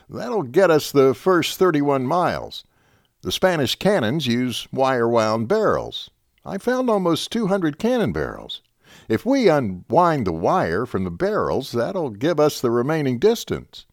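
A man's voice: medium pitch, no room sound, studio quality, pitched above the performer's own voice. A man voicing an eager young army lieutenant, earnest and stammering over his plan.

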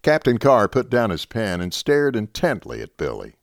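Man narrating an animated story. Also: fairly low pitch, normal speed, no echo, studio quality.

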